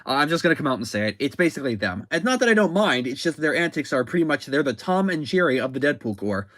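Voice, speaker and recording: A man talks through a comic in a loose, rambling way, stopping to correct and restart his sentences. His voice sits a little higher than most men's. The sound is dry and close. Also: big pitch swings, quick pace, fairly bright tone, dry recording. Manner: rambling, self-correcting, chatty. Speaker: comic book reviewer. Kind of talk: casual comic recap.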